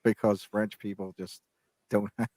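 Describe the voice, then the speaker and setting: A man's voice: lowish voice, level tone, a little mellow, no room sound. A man in his fifties co-hosting a podcast, rambling through casual chat with lots of restarts and fillers. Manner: halting, many restarts and fillers. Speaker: podcast co-host.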